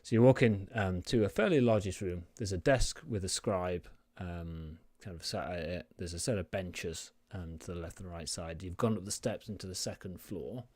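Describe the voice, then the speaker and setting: A man's voice: low-pitched, normal speed, few pauses, a little mellow, dry recording. A man narrating a tabletop game as game master, rambling with lots of fillers as he describes scenes.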